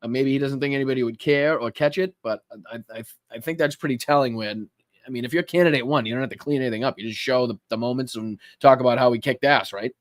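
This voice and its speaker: A man's voice: medium pitch, fast, dry recording, studio quality. A man hosting a political podcast in casual commentary, profane and incredulous, cutting into clips to react. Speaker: podcast host.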